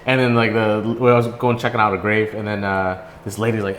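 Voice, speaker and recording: A man's voice: fairly low pitch, flat delivery, brisk, few pauses, a bit bright, slight background noise. A man co-hosting a casual podcast, telling rambling stories with many fillers.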